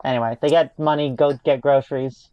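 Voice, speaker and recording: A podcast co-host chatting casually about a movie, wry and quick to laugh. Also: mid-range voice, steady tone, clean tone, no echo, dull audio. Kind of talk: casual movie recap chat.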